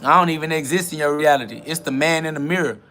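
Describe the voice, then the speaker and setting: A man delivering a podcast sermon-rant with a bright, forceful edge to his voice and a pitch that sits a little above most men. He mocks and curses at his doubters and jumps between rapid-fire bursts and slow, stretched emphasis. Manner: combative, mocking, profane, preachy. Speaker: podcast host. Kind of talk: self-talk podcast monologue, preaching.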